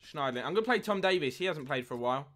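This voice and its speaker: A young man live-streaming a football game, chatting with viewers and getting excited at near misses. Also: on the high side, rapid-fire. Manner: chatty, reads chat aloud, excitable at goals. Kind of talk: live gameplay commentary and chat.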